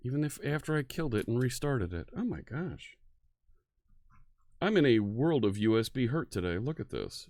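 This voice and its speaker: A man's voice: mid-range voice, big pitch swings, moderate pace, a little mellow, dry recording. A man hosting a live coding stream in a casual, chatty way, greeting viewers one by one.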